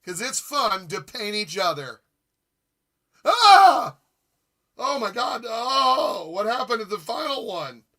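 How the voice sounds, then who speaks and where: A man in his forties hosts a live retro gaming stream, chatting in an easy, rambling way at a measured pace. His slightly high voice is bright and edged. Excitable and jokey, he reads chat aloud and reacts to viewers with enthusiasm.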